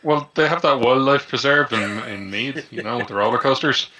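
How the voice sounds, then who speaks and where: A man chatting casually on a video call, joking in a deadpan way. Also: medium pitch, moderate pace, crowd noise, low-quality recording. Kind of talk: casual chat.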